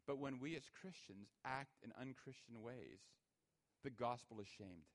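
A man's voice: mid-range voice, a little slow. A man preaching a sermon to a congregation, acting out everyday scenes and raising his voice for emphasis. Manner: animated, acts out little scenes in raised voice. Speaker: pastor.

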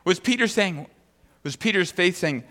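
Guy preaching a sermon, bright forceful voice, long hall echo, reads the verse then chats about it. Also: sits high, animated, normal speed. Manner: reads scripture then speaks conversationally. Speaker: pastor.

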